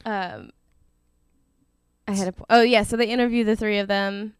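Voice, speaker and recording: Casting: woman, smooth clear voice, close dry mic, easygoing chatter, quick to laugh. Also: mid-range voice, fairly even intonation, no room sound. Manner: chatty, laughs often, trails off with fillers. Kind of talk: casual chat.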